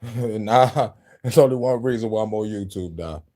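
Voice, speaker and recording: A man's voice: fairly low pitch, normal speed, dark tone. A man talking casually to his viewers, frustrated and profane, laughing often. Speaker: YouTuber.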